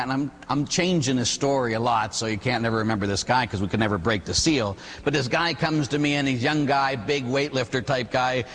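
A Catholic priest giving an animated sermon, telling stories and asking rhetorical questions. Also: male voice, fairly high pitch, long reverb tail.

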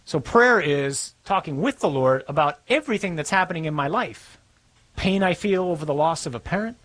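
A man giving a sermon in a conversational, storytelling way, slowing down for dramatic moments. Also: fairly high pitch, fairly bright tone, poor audio. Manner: conversational preaching, storytelling with slow dramatic pauses.

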